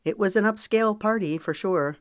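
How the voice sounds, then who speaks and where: A woman with a mid-range voice narrates an audiobook, her storytelling measured and even. There's no echo, and the studio sound is clean.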